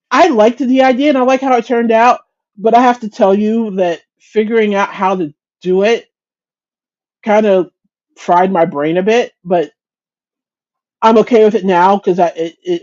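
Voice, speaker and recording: A woman's voice: medium pitch, fairly even intonation, moderate pace, darkish tone, lo-fi sound. Chatty woman hosting a crochet livestream. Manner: chatty and self-deprecating, greets viewers by name; frequent restarts and stumbles. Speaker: livestream host of a crochet chat. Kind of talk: casual livestream chat.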